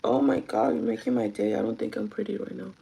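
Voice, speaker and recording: Hoarse sick woman, gravelly voice. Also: very animated, fast, mellow, low-quality recording. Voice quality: hoarse, deep for her. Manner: switches between English and Spanish. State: sick, losing her voice. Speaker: vlogger talking to live chat. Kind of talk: casual live-stream chat.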